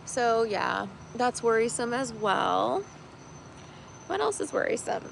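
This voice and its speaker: A woman's voice: a little high, sing-song, slow, gravelly, a little hiss or hum, low-quality recording. A woman chatting casually on a livestream as a tarot reader host, rambling with many fillers and laughing easily. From United States.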